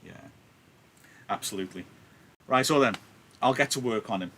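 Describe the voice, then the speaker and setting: A man's voice: medium pitch, moderate pace, a bit bright, slight background noise. Chatty male teacher on a live stream. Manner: chatty, joking, apologetic. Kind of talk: live reading and explaining a play. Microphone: laptop mic.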